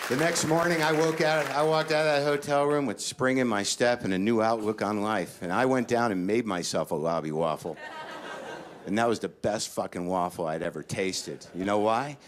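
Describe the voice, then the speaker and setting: A middle-aged man doing a stand-up comedy set, ranting neurotically and jumping into panicked high-pitched voices. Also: moderate pace, background noise. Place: comedy stage before a laughing audience.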